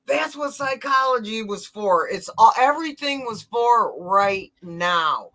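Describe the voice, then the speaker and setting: Woman, livestream guest, casual chat, frank, emphatic, bright voice. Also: a little high, animated, a little slow.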